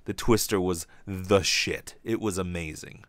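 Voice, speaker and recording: A man's voice: low voice, unhurried, no room sound. A man from Hawaii hosting a casual solo podcast, rambling and swearing freely as he rants. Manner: rambling, profane, animated. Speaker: podcast host.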